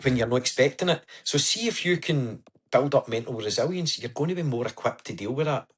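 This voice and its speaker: A man's voice: mid-range voice, lively intonation, fairly quick, fairly bright tone, breathy edge. A man as a podcast guest, telling his story in an earnest, chatty way. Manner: earnest, storytelling, says "aye" and "wee" often. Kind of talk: casual interview chat.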